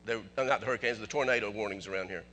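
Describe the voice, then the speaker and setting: A man preaching a sermon as pastor, animated, asking the congregation questions and chuckling often. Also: fairly low pitch, rapid-fire, a little hiss or hum.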